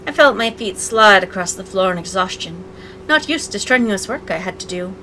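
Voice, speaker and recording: A woman's voice: mid-range voice, animated, moderate pace, sharp tone, a little hiss or hum, low-quality recording. A woman narrating a visual novel aloud as a let's play, breaking in with sarcastic, playful asides. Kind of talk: reading game text aloud with commentary.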